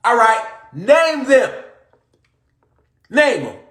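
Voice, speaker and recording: High-voiced man ranting in an echoey room. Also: big pitch swings, drawn-out words, slight background noise. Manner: preachy, repetitive, profane, rising to shouts. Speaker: comedic conspiracy monologue performer. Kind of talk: rambling comedic monologue.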